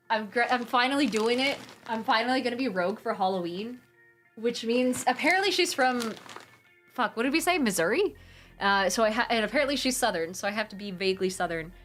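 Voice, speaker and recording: A young woman from the Pacific Northwest, chatting casually on a live stream and reading viewer comments aloud. She is animated, swears freely, laughs often and rambles with restarts. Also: a little high.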